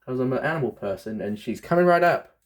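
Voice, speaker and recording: A man's voice: medium pitch, lively intonation, fast. A young Australian man showing his pet snake in a casual vlog, chatty and rambling, talking to his pets. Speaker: pet vlogger.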